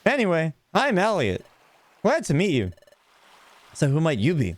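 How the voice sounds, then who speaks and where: A man voicing a cheerful young male Pokémon hero in a game, reading in an eager high voice. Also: huge pitch swings, moderate pace.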